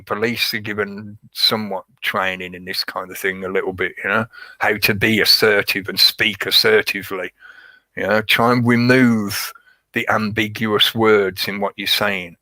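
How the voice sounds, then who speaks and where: Rambling man with a bright, dry voice. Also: on the low side, fairly even intonation, normal speed, no room sound, rough recording. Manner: rambling, repetitive, emphatic. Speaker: podcast host. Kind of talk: casual monologue.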